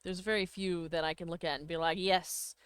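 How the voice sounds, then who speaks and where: A woman chats easily with her viewers on a livestream, thanking them as she goes. Her voice is smooth and clear, recorded close and dry with no room sound. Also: fairly low pitch, little pitch movement, fairly quick, no room sound. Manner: chatty, thanks viewers, laughs often. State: hiccups. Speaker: livestream host. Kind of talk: casual chat with viewers.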